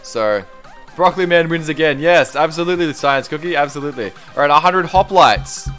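A young man streaming a game, chatting casually, reading viewer comments aloud and breaking into excited exclamations. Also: on the high side, a little fast, soft background music. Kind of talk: live-stream gameplay commentary.

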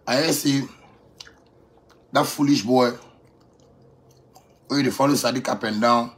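A man in his thirties speaking Ghanaian Pidgin English in a boastful, swaggering off-the-cuff rant. He repeats phrases for emphasis and swings from quiet to loud. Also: medium pitch, fairly even intonation, measured pace. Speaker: musician addressing critics.

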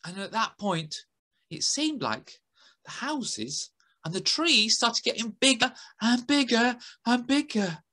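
A woman's voice: fairly high pitch, animated, slow, bright, forceful tone. A woman telling a playful story to children at a school assembly, adding sound effects.

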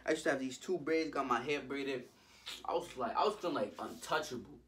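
A young man telling a storytime vlog in an animated, slangy way, jumping into loud voices for the people in it. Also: mid-range voice, a little fast, recorded from a distance, slight background noise. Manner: jumps into loud character voices. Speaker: vlogger.

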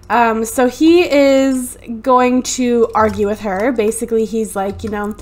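A woman's voice: fairly high pitch, steady tone, measured pace, hardly any pauses, a little mellow. A woman hosting a let's play, chatty and narrating each move on a USB desktop mic. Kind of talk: casual gameplay commentary.

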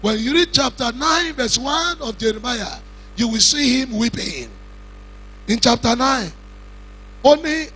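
Another funeral sermon in a large cathedral comes from a man with a Nigerian Yoruba-speaking accent, his very high voice husky. He preaches slowly and emphatically, shouting lines and questioning the congregation, on a rough recording.

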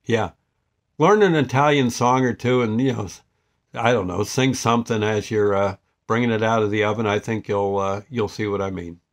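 An older man reviewing a store-bought pizza in a rambling, folksy, halting way with many restarts. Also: fairly low pitch. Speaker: vlogger. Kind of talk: casual product review.

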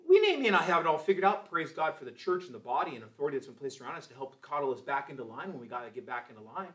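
A man's voice: a little high, sing-song, rapid-fire, few pauses, fairly bright tone, far from the mic. A man in his forties teaching a church Sunday school class, exhorting and telling testimony stories. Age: 40s. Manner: emphatic, exhorting, with testimony asides.

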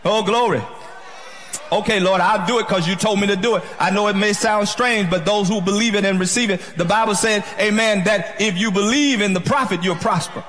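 Man, pastor, exuberant shouting sermon, high voice. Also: brisk, faint music behind. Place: church sanctuary.

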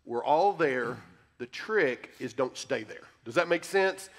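A man's voice: mid-range voice, animated, measured pace, a bit bright. A male pastor giving an earnest, emphatic answer to a congregation's question in a church sanctuary. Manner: earnest, emphatic preaching, speaks straight to the congregation. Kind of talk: sermon-style Q&A answer. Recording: long church-hall reverb.

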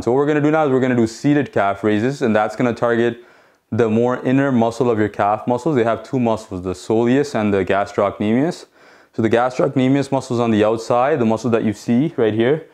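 A man's voice: medium pitch, a little mellow. A man coaching a home workout, counting reps aloud and explaining the muscles plainly, now and then out of breath. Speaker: fitness coach.

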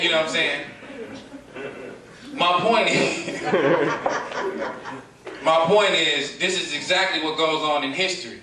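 A man's voice: on the high side, takes it slowly, long pauses. A man from Detroit giving a live lecture, calling questions out to his audience and playing up the back-and-forth with them. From Detroit, USA. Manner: preachy call-and-response, questions the crowd, playful. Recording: echoey room, distant mic, faint noise.

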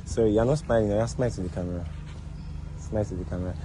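A man's voice: fairly low pitch, very fast, dark tone, slight background noise, low-quality recording. Nigerian man soothing and apologizing. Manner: repetitive, apologetic, soothing with frequent laughs. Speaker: prank video host. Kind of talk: casual prank banter.

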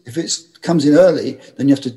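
Husky man telling studio stories. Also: medium pitch, fast talker. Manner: animated anecdotes, acts out quoted voices. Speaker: music producer, guest. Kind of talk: casual interview storytelling.

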